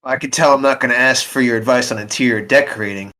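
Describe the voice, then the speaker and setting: A man's voice: mid-range voice, fast, bright, forceful tone, close to an everyday voice. A man doing a cocky tough-guy security man. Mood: swaggering. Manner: swaggering, mock-tough, insulting. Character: cocky male security man, teasing and brash.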